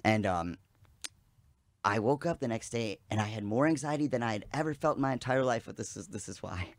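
A man in his thirties, a podcast guest, telling a rambling, animated story in casual chat and swearing freely. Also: medium pitch, brisk, no echo.

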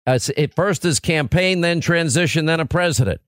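Man, middle-aged, radio host, political talk show, emphatic, repetitive rhetorical lists, fairly high voice, dry studio sound. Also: fairly quick, fairly bright tone, no room sound.

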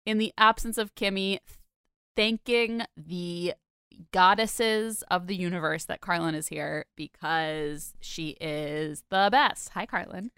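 A woman's voice: on the low side, fairly even intonation, slow, bright, forceful tone, smooth, no room sound, studio quality. Chatty young woman hosting a podcast. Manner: chatty, rambling, many fillers and laughs. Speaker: podcast host. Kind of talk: casual podcast chat.

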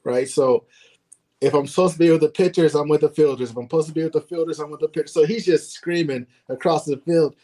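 A man's voice: fairly high pitch, fast, warm tone. A middle-aged man as an interview guest, telling stories earnestly with small chuckles and frequent "right?". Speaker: guest, former ballplayer. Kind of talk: casual interview storytelling.

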